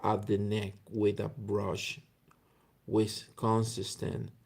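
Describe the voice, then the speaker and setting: A man reads a classic story aloud in a low, very gravelly, husky voice. His delivery is flat and slow, halting and stumbling now and then. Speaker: reader.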